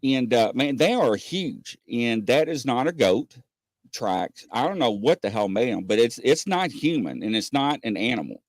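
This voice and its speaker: Animated guy host just rambling through a story, lotsa uhs, dry mic. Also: mid-range voice, no echo. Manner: rambling storyteller, many "uh" pauses, acts out quotes. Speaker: podcast host. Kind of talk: casual chat.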